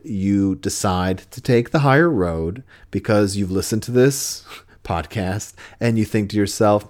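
A man's voice: fairly low pitch, a little slow, a little mellow. A man hosting a podcast, giving relationship advice in an earnest, conversational way with frequent restarts. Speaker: podcast host.

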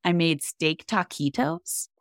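Young woman cohost, low smooth voice, upbeat and chatty, dry close sound. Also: big pitch swings, slow, no room sound. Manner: enthusiastic, upbeat storytelling. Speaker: podcast co-host. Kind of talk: casual chat.

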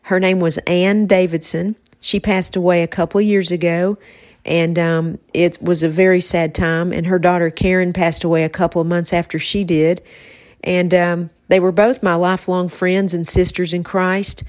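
A woman hosts a faith-based podcast in casual conversation. She talks in a soft-spoken, reflective way, and her voice sits a little low for a woman. The recording is dry and close to the mic. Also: little pitch movement, moderate pace, no room sound. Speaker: podcast host.

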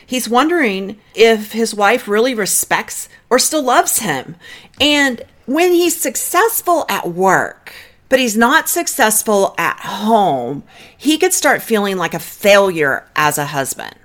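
A woman's voice: on the low side, a bit bright. A middle-aged woman, a marriage therapist, giving direct, coaching advice on a podcast and talking listeners through breathing counts.

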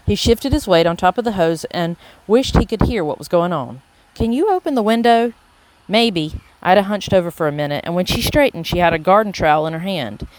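An audiobook narrator reading a children's chapter book in a steady, even voice. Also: medium pitch, brisk, few pauses, a little hiss or hum. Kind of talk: scripted storybook narration.

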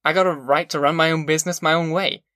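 A pushy, cocky labor contractor, voiced by a man reading aloud, snapping back brusquely and defensively. The voice sits somewhat high and sounds dry and close. It is a storybook figure. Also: steady tone, fast, bright, forceful tone, dry recording. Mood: dismissive.

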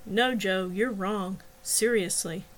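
A woman voicing a kind, steady young firefighter who talks patiently and reassuringly to his friend. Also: sits high, slow pace, rough recording.

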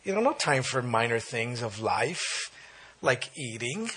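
A man preaching a sermon, reading scripture aloud and breaking off into animated exclaims. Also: mid-range voice, a little slow, husky.

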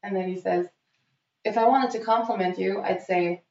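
A woman's voice: on the low side, brisk, far from the mic. Woman, casual storyteller, off-mic in a roomy space, muffled sound. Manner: lively storyteller acting out quotes. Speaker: guest telling a story. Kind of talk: casual chat.

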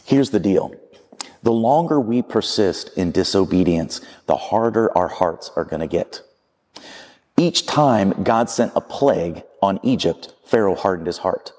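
Mellow-voiced male preacher in a hall. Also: low voice, lively intonation, measured pace. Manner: conversational storytelling, acting out quotes. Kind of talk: sermon.

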